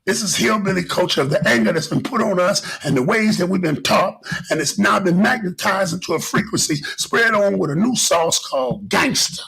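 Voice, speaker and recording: A middle-aged man hosting a podcast, talking in an animated, preachy way with lots of repetition. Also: high voice, a little fast, creaky, few pauses, slightly rough, low-quality recording. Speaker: podcast host. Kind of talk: casual podcast monologue.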